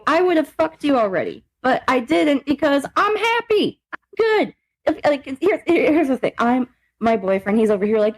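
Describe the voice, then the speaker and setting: A young woman co-hosts a podcast in loose, casual chat. Her voice sits a little high and swings widely in pitch as she rants, swears and laughs. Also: normal speed, poor audio. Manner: animated, swearing, laughs often. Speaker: podcast co-host.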